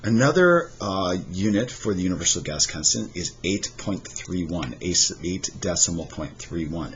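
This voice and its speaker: A man teaching a chemistry lesson, methodically walking through worked examples. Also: sits low. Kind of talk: recorded lesson lecture. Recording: dull lo-fi recording, faint noise.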